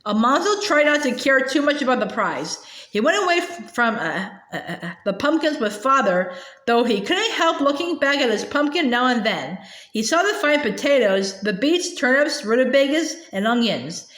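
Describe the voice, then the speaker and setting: Reading a children's novel aloud, this woman uses a high, animated voice but hesitates a lot. She stalls on long filler sounds and restarts words, and the room echoes noticeably.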